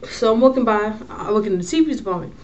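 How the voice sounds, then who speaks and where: A woman's voice: mid-range voice, fast, highs cut off. Slangy young woman telling a story. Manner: slangy, animated, swearing storyteller. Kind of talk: casual storytelling vlog.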